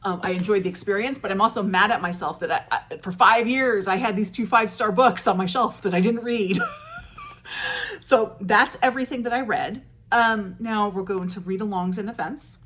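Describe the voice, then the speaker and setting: A woman's voice: medium pitch, a little fast, few pauses, fairly bright tone. A woman talking casually through her month's reading as a book vlogger, enthusiastic and chatty, with frequent fillers and restarts.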